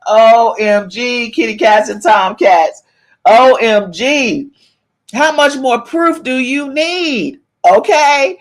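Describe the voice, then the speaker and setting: Woman host, somewhat high voice, casual animated gossip chatter with her live chat. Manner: animated, reads chat comments aloud, shouts meow to viewers. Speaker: podcast host.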